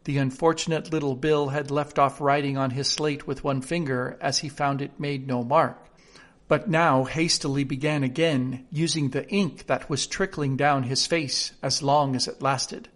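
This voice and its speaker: A man narrating a storybook in a steady, clear reading voice. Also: mid-range voice, moderate pace.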